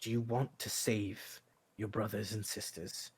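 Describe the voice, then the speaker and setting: A man puts on a stern older father, speaking low and quiet in a tabletop game, his voice grave, measured and cold. The delivery is unhurried. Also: slight background noise. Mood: cold, hushed.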